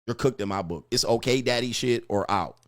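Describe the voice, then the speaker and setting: A man's voice: lowish voice, normal speed, fairly bright tone, no room sound, clean studio sound. A man giving blunt, crude relationship advice in a mocking, preachy rant, answering viewer comments. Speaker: dating advice host.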